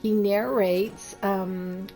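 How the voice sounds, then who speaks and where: A woman chatting casually before a game stream, teasing and halting with fillers. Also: medium pitch, steady tone, music in the background. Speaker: co-host and player.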